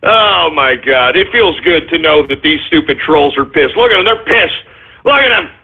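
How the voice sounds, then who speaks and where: A man hosting an internet radio show, taunting his critics with drawn-out shouts and cackling laughter. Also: on the high side, lively intonation, creaky, breathy edge. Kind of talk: gloating call-in radio monologue. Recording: dull lo-fi internet radio sound.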